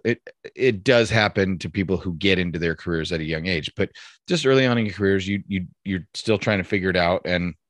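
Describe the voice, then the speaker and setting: A man's voice: sits low, fairly bright tone, no echo, clean studio sound. A man in casual podcast chat, rambling and profane, with emphatic bursts.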